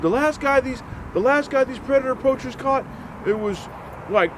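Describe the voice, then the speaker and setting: A man's voice: very high-pitched, normal speed, a bit bright, a little hiss or hum, poor audio. A man from Alaska co-hosting a casual outdoor chat, acting out quotes in funny voices. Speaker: co-host.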